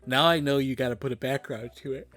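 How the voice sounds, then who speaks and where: A man's voice: mid-range voice, fast talker. A tired man casually muttering and commenting as he plays a game, swearing now and then. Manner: muttering, swears casually, drifts between loud and quiet. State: tired, yawning. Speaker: gaming streamer.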